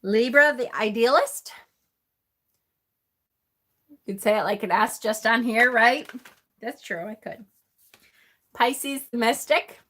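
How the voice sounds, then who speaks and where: A woman's voice: a little high, slow, pauses often, a bit bright. A woman hosting a live stream in a chatty way, laughing often as she reads aloud and answers her chat. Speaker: host of a tarot channel.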